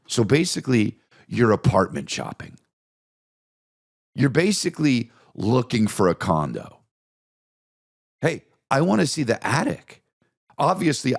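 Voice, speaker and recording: A man hosting a comedy podcast, telling stories casually with lots of swearing, and jumping in and out of bits and silly voices. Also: lowish voice. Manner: animated, profane, jumps into bits and voices. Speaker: podcast host.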